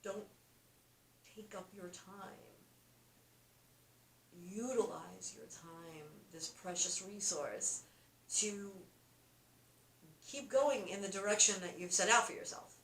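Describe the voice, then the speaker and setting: Woman co-host, calm and reflective chat, recorded far from the mic in an echoey room. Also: mid-range voice, creaky, slight background noise. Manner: reflective, unhurried, encouraging. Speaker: podcast co-host. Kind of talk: casual spiritual chat. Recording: roomy, distant mic, faint ambience.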